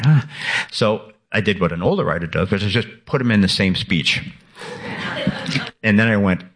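A man in his sixties, an author speaking as a radio guest, animated and laughing, with many restarts. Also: lowish voice, slightly rough. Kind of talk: radio interview conversation.

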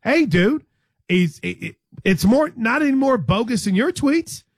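A man's voice: very high-pitched, animated, a little slow, breathy edge, no echo, studio quality. A man hosting a sports talk show, chatting casually and teasing his co-host, often restarting his sentences.

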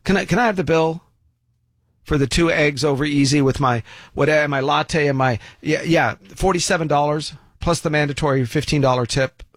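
A man's voice: on the high side, normal speed, no echo, clean studio sound, natural voice. A man putting on the voice of a pampered consumer who whines in a fussy, exaggerated way. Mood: whining. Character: whiny affluent complaining consumer, adult.

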